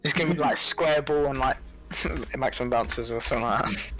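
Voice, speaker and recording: A man's voice: medium pitch, a bit bright, soft background music, low-quality recording. A man gaming with friends, calling out plays like a commentator. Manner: rapid, commentator-like exclamations. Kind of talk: casual gaming chat with friends.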